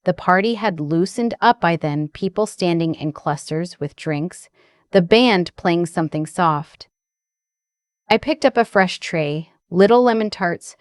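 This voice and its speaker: A woman in her sixties narrating a first-person audio drama in a measured, reflective way. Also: on the low side, dry recording, studio quality.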